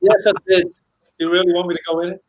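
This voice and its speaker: A man's voice: high voice, little pitch movement, quick pace, dull audio. A middle-aged man, a former footballer, telling anecdotes in a rambling casual chat with many restarts.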